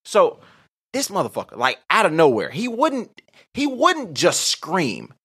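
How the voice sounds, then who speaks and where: Man, podcast co-host, lively swooping pitch, profane, laughing storyteller. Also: unhurried, breathy edge. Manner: animated, profane, laughs through his story. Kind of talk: casual storytelling chat.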